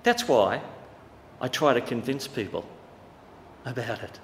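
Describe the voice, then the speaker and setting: A man preaching a sermon with great passion, swinging from loud declarations to hushed, quiet stretches. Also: medium pitch, lively intonation, unhurried, a little hiss or hum. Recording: echoey hall with long reverb.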